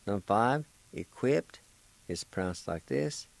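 On a dry, rough recording, a radio host teaching Cherokee speaks in a low, gravelly, darkish voice that stays animated. He works patiently and slowly, breaking each word into syllables one by one and cheering the listener on.

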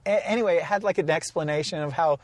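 A man's voice: a little high, fast talker, no room sound. A man co-hosting a podcast in casual chat, rambling through stories and laughing often. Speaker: podcast co-host.

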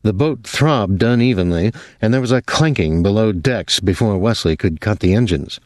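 Low guy reading a novel, steady pace, dead dry room. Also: normal speed, no room sound. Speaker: audiobook narrator. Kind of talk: scripted narration.

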